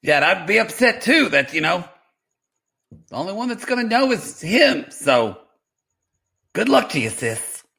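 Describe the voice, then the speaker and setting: A man's voice: sits high, very animated, a little slow, creaky, pauses often, bright, forceful tone, voice pushed up, heavily acted. A man voicing a cool, blunt woman who shows no remorse, in a comic podcast reenactment, matter-of-fact in tone. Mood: smug.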